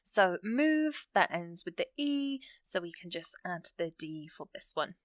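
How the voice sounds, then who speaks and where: A woman teaching an English grammar lesson, explaining rules step by step and reading out example sentences slowly. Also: on the low side, big pitch swings, no room sound.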